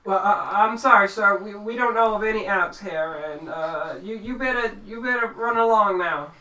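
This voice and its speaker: A man's voice: high voice, moderate pace, sharp tone, voice pushed up. A man voicing a nervous, stammering elf farmer. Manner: stammering, flustered. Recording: echoey room, mic far off.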